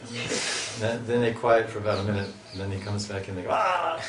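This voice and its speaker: A man's voice: on the low side, flat delivery, fairly quick, noisy background. A man giving a scripture lecture as a swami, chatty and storytelling, often restarting his sentences. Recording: echoey hall, mic at a distance.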